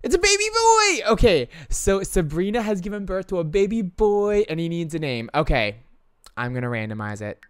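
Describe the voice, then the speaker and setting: Chatty guy doing gameplay commentary for viewers, smooth voice, dry and close. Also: fairly high pitch, normal speed, no echo. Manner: chatty and expressive, talks to viewers. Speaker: let's play host.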